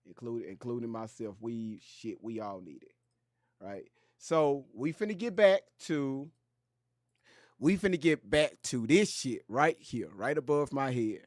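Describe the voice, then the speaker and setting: A man hosting a commentary channel, talking in an animated, joking way full of slang and profanity. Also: medium pitch, a little slow, dry recording, clean studio sound. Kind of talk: casual commentary.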